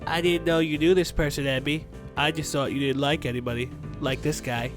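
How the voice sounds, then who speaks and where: A man's voice: fairly high pitch, fairly even intonation, fairly quick, music in the background, lightly acted. A man voicing a detached teenage girl with a nasal, matter-of-fact delivery in a visual novel. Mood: deadpan.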